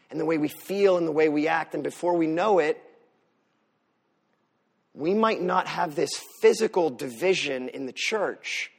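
Animated male pastor preaching. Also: a little high, gravelly. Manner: animated preaching, rises loud for emphasis then drops soft. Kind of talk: sermon.

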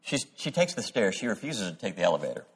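A man's voice: sits low, husky. A man preaching a sermon, reading scripture solemnly and telling stories from his week. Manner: measured, solemn reading, then animated storytelling. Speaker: pastor. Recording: long hall reverb.

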